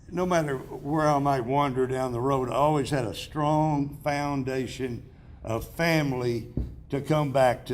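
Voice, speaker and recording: A man's voice: mid-range voice, darkish tone, slight background noise. Older man telling folksy stories. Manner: chatty storyteller with self-deprecating humor, restarts and chuckles. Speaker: award honoree giving acceptance speech. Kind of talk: folksy anecdotal speech. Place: awards banquet hall.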